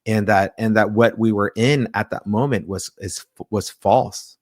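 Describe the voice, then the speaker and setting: A man telling a personal story in an interview, lively, acting out the people in it and often restarting his sentences. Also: lowish voice, unhurried, no echo, studio quality. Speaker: pastor, interview guest.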